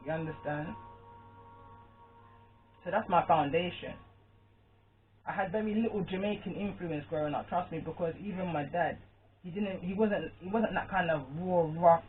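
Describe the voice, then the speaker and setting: British woman with a Caribbean twang, tinny. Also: sits low. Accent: British with a Caribbean patois twang. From Britain. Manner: chatty, rambling, often asks "you understand?". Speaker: spiritual card-reading vlogger. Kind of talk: casual monologue to camera. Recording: tinny phone-like sound with faint music.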